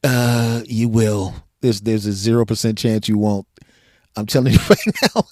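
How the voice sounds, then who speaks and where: A man hosting a comedy podcast, chatting casually and joking with deadpan denials. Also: on the low side, normal speed, dry recording, clean studio sound.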